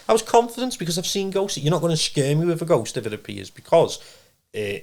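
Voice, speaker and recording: Fast, rambling man telling a story, blunt and full of restarts. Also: on the high side, sing-song, vocal fry. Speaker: podcast guest, medium. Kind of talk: casual storytelling.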